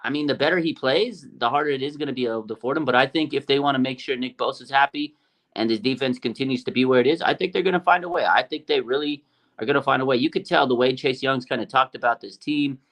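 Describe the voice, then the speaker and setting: A man co-hosting a sports podcast, talking in a quick, animated and opinionated way with many fillers. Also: medium pitch. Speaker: podcast co-host. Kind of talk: casual sports talk.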